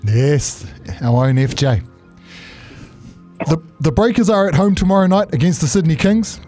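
A man acting as quizmaster on a radio show, reading sports questions briskly and playfully. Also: on the high side, lively intonation, warm tone, faint music behind.

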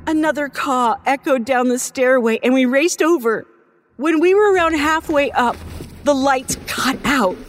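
A woman narrating a first-person horror story in an expressive, measured storytelling manner. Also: sits high, a little hiss or hum.

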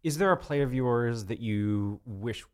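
A man hosting an interview, asking measured questions and closing with a formal sign-off. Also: mid-range voice, animated, clean tone. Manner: measured, short affirmations. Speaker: interviewer host. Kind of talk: radio-style interview.

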